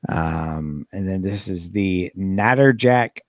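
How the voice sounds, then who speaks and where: A man's voice: deep voice, slow, dry recording, clean studio sound. A man hosting a casual podcast, reading out listener messages in a laid-back, rambling way. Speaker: podcast host.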